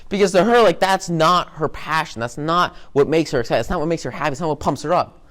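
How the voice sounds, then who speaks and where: A man's voice: fairly high pitch, brisk, a bit bright. A man giving an upbeat, rambling motivational talk with lots of energy. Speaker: motivational speaker.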